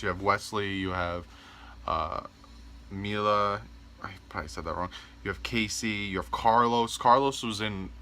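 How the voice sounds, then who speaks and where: A man in his twenties rambling casually to camera in his bedroom, joking around and filling pauses with ums. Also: deep voice, bright, forceful tone, slight background noise. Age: 20s. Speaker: vlogger. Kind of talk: casual vlog talk to camera.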